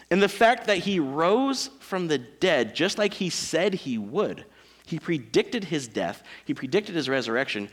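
Emphatic man preaching a sermon. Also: on the high side. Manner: emphatic preaching with dramatic pauses and shifts in volume. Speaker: pastor.

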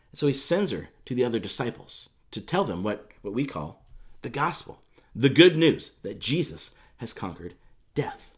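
A man's voice: medium pitch, very animated, moderate pace. A man preaching a sermon as pastor, telling the story in a conversational, emphatic way with casual fillers.

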